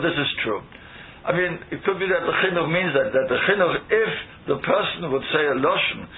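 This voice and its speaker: Thoughtful rabbi over a tinny line. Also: male voice, a little high, a little hiss or hum. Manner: thoughtful, searching, rhetorical questions, Hebrew terms. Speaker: rabbi lecturer. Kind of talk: Torah lecture. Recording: tinny phone-like lo-fi audio.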